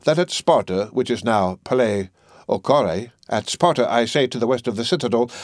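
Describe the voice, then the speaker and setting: A man's voice: mid-range voice, darkish tone, dry recording, natural voice. A man voicing an eccentric wealthy host who swings from mocking laughter to musing cordiality in a storybook reading. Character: eccentric wealthy male host, theatrical and mercurial.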